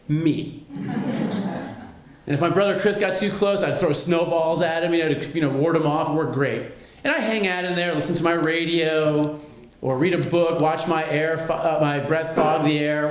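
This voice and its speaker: A man telling a personal story on stage at a live storytelling show, wry and lively. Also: a little high, reverberant. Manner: wry, lively, self-mocking.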